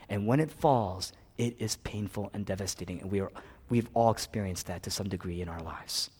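A man preaching a sermon as a pastor, swinging between loud, emphatic passages and hushed, whispered ones. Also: mid-range voice, husky, in a large hall.

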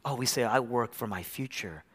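A male pastor preaching a sermon, swinging from hushed, whispered lines up to loud, impassioned climaxes. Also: mid-range voice, moderate pace, breathy edge. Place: church.

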